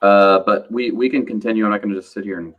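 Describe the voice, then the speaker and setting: A man's voice: on the low side, steady tone, fast, phone-quality sound. A man hosting a casual hockey podcast with friends, talking loosely with frequent hesitations. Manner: hesitant, many filler sounds and restarts. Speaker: podcast host. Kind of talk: casual chat.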